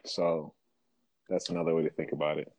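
A man from Africa speaking in a relaxed, reflective way during a casual group conversation. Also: a bass voice, fairly quick, no echo.

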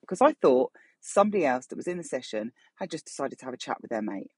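A middle-aged woman hosts her own show and rambles through a personal story, swearing freely and chatty throughout. Her voice has a husky, breathy edge. The sound is close and dry. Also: rumbling low, sing-song, a little fast, few pauses, a little mellow, dry recording. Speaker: podcast host. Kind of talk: casual storytelling monologue.

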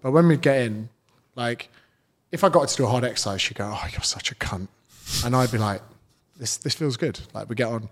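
A man's voice: medium pitch, brisk. A British man, a fitness trainer, telling stories as a guest in a casual podcast interview, blunt and swearing freely.

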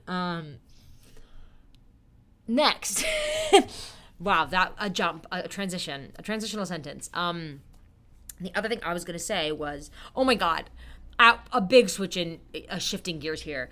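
A woman's voice: on the low side, animated, unhurried, long pauses, sharp tone. A young woman in her twenties hosting a casual solo podcast, talking in a bubbly, chatty way with playful asides and frequent laughs. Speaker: podcast host.

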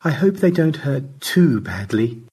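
A man voicing Margaret, a shy, sweet female AI avatar who speaks primly with gentle sarcasm. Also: medium pitch, sing-song, a little slow, husky, pitched above the performer's own voice, exaggerated voice. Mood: polite.

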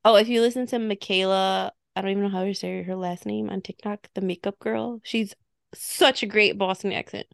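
A woman's voice: medium pitch, steady tone, brisk, vocal fry, dry recording, studio quality. A young woman with a Chicago accent, co-hosting a podcast in giggly, joking casual chat. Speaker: podcast co-host.

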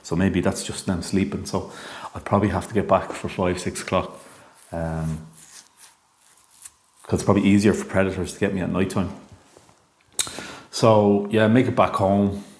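A man's voice: low-pitched, steady tone, normal speed, pauses often, a little mellow. An Irish man in his thirties telling a rambling, jokey monologue, hesitant and full of ums. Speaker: monologue talker. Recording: echoey room.

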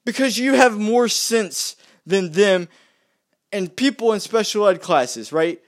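Ranting vlogger: a man with a high, swooping voice, exasperated and repetitive. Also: lively intonation, slow. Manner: exasperated, repeats himself, stumbles and restarts. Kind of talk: heated ranting monologue.

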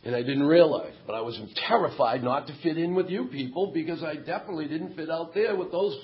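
A man's voice: on the high side, fairly quick, lo-fi sound. A middle-aged man telling his story at a recovery meeting, candid and self-mocking. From Massachusetts, USA. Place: meeting hall.

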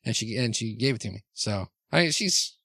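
A man narrating as game master, rambling and halting with many restarts. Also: lowish voice, animated, gravelly, bright, forceful tone, slightly rough, no echo, studio quality.

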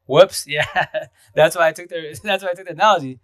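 Casual livestream host, male, rambling and slangy, quick delivery with frequent laughs. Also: a little high, a bit bright, dry recording. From Eastern Washington, USA. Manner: rambling, slangy, laughs often, greets viewers.

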